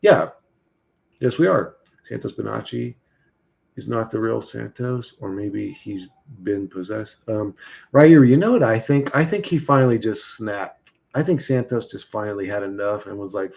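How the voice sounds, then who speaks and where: A man with a gravelly, creaky edge to his voice, talking casually on a live stream. He rambles, swears freely and answers viewers' chat messages as they come in. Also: fairly low pitch, normal speed, a little mellow.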